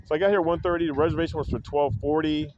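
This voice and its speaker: A man telling a story about a public library in a casual vlog, rambling with many restarts and acting out quotes in a higher voice. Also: fairly even intonation, racing, lo-fi sound, background noise. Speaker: vlogger. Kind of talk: casual retelling of an incident.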